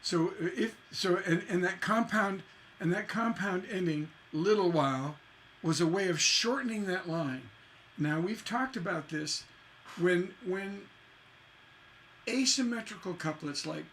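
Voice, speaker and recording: A man's voice: a little high, measured pace, fairly bright tone, slight background noise. A man teaching a songwriting lesson in a chatty way, scatting rhythms with "da da da" to show the stresses.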